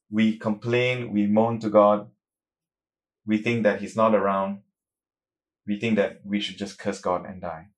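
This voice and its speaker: A man's voice: level tone, measured pace, pauses often. A man preaching an earnest, emphatic sermon on suffering, reading scripture aloud between his points. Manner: rises in pitch and volume when reading scripture.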